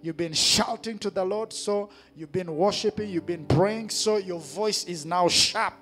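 A man preaching a sermon in church on a handheld mic, leading call-and-response and rising to shouts. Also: high-pitched, measured pace. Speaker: pastor.

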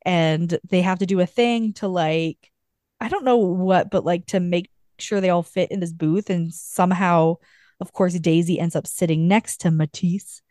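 Chatty woman with a mellow, dry voice. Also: on the low side, fairly even intonation, normal speed, dry recording. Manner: rambling retelling full of "like" fillers. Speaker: podcast co-host. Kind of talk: casual book recap chat.

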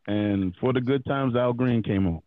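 A man's voice: mid-range voice, normal speed, no echo, narrow, tinny audio. A man casually telling a long, profane, slang-filled story on a podcast.

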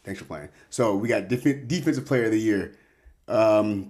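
A man hosts a casual sports talk show, speaking at a moderate pace in a low, darkish voice. He's laid-back as he gives his picks, swearing casually and interrupting himself.

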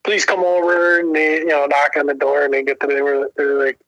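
Male storyteller, higher-pitched and bright, casual and cussing, acts out the quotes. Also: fairly quick, no room sound, poor audio. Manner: profane, animated, laughs often, acts out quotes.

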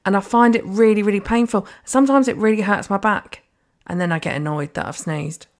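A woman's voice: mid-range voice, brisk. A young woman co-hosting a podcast in casual chat, blunt, dry and sweary. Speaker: podcast co-host.

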